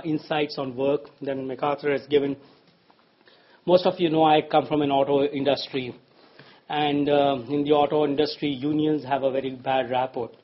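A man's voice: a little high, muffled recording. A man preaching a conversational sermon in church, reading scripture and telling anecdotes. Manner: conversational, with frequent fillers and restarts.

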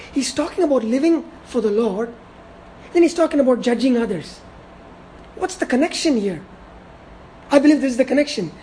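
A woman delivers a verse-by-verse sermon in a slightly high, mellow voice. She is emphatic and repeats key words for weight. She slows right down when she drives a point home, with a faint hiss of noise behind her. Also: rough recording. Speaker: preacher. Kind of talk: expository sermon.

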